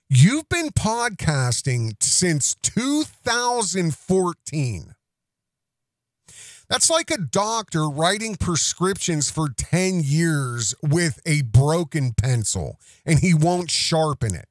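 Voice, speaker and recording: A man's voice: on the high side, big pitch swings, slow pace, no room sound, studio quality. A man hosting a podcast, delivering accusatory commentary in an emphatic way, repeating himself and restarting phrases. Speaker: podcast host.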